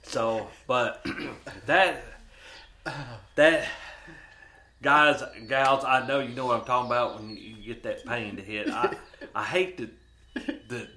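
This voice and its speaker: A man's voice: medium pitch, pushed and bright. A man hosting an outdoors podcast, telling hunting stories in a folksy, easygoing way with restarts. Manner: folksy, drawn-out storytelling with restarts. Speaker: podcast host. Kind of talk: casual storytelling chat. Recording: roomy with faint noise.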